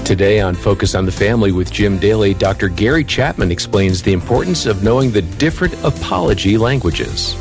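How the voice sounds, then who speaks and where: A man co-hosting a radio show, introducing segments in a relaxed, friendly way. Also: fairly low pitch, a little fast, few pauses. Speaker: radio co-host. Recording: music bed under voice.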